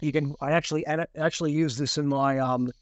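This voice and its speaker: A man's voice: fairly high pitch, fairly even intonation, brisk, slight background noise. A man in casual discussion, rambling with many repeated words and fillers while reading out passages.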